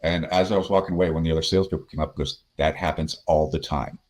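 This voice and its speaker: Man, deep voice, podcast guest, storytelling, acts out quoted people. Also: steady tone, racing, a little mellow. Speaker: podcast guest, sales consultant. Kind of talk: conversational storytelling.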